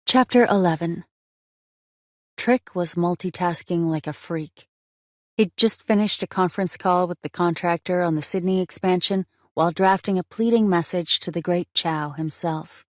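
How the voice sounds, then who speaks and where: A woman narrating a romance audiobook in a measured, expressive reading on a close mic. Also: on the low side, no room sound.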